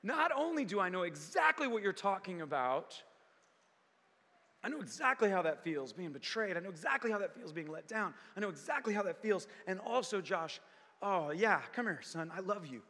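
A man voicing Jesus as a gentle, loving, comforting figure, speaking softly and intimately. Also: high voice, sing-song, moderate pace, big-room sound, exaggerated voice. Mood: tender. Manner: hushed, soft and intimate.

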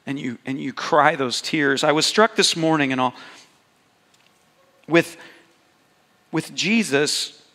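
A man preaching a sermon as pastor, slow and intimate, repeating words for emphasis. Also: fairly high pitch, sharp tone. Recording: long hall reverb.

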